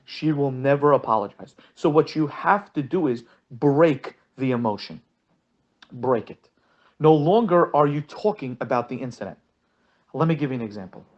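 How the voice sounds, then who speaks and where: Rabbi teaching with dull, muffled sound. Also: male voice, on the high side. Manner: repeats words when starting sentences, acts out quotes. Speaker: rabbi teaching a marriage course. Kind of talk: lesson with storytelling examples.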